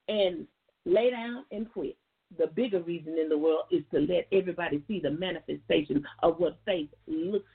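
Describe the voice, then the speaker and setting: A woman's voice: fairly high pitch, slightly rough. A woman gives a folksy, preachy faith testimony as a guest on a call-in show, talking straight to her listeners. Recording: tinny phone line with faint music.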